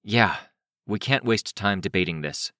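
A man with a very deep voice narrating an audiobook, even and matter-of-fact, with a lively rise and fall. The recording is dry and close. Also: measured pace, dry recording.

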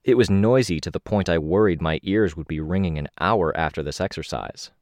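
A man with a very low voice reads a first-person action story as an audiobook narrator. His delivery is steady and measured, lifting slightly on the action beats. The recording is dry and close, with no room sound. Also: dry recording.

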